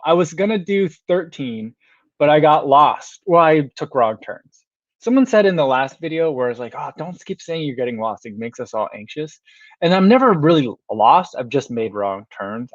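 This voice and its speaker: Easygoing man hosting a livestream, chatting casually through viewer comments, laughing often and trailing off before he restarts his sentences. His voice sits at an ordinary middle pitch. It is recorded close and dry, with a slightly dull, muffled sound. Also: dry recording. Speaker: livestream host.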